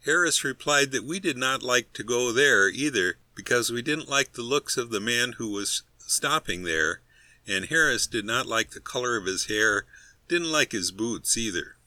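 A man's voice: medium pitch, lively intonation, moderate pace, pushed and bright, no echo. A man reading a humorous story aloud in a dry, wry storytelling manner. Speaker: narrator. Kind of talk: scripted narration.

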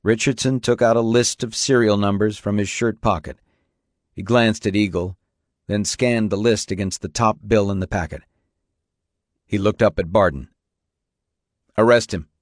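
Here a male narrator reads a novel aloud for an audiobook, steady and measured in his storytelling. He pitches on the low side at a moderate pace, captured in a dry, studio-quality recording.

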